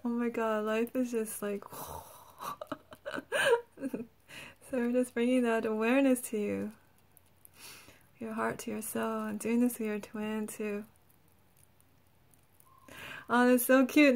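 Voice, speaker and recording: With a slightly high voice, a female energy healer leads a guided healing session in a soft, calming way. She laughs frequently and uses "like" again and again.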